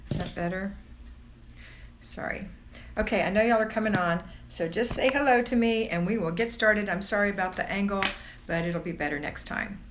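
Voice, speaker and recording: A woman's voice: mid-range voice, moderate pace, noisy background. A woman hosting a casual livestream, bubbly and gushing as she greets viewers one by one. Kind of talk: casual live-stream chat. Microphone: phone or camera on a borrowed tripod.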